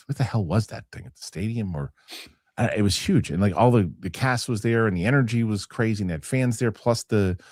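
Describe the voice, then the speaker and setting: A man's voice: fairly low pitch, dry recording, studio quality. A middle-aged man hosting a casual live show, rambling through viewer comments and swearing freely. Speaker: host.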